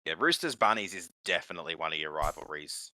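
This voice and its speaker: A deep-voiced man with a sharp, forceful edge, ribbing his co-host with blunt, wry remarks. The recording is dry and close to the mic, and he talks in an easygoing, unhurried way. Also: expressive, no echo, low-quality recording. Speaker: podcast co-host. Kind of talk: casual sports chat while watching a game.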